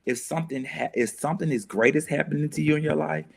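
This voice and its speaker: A man's voice: on the high side, fast talker, gravelly. Guy on a talk show, earnest and reflective, keeps repeating himself as he works it out. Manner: earnest, self-questioning, repeats phrases.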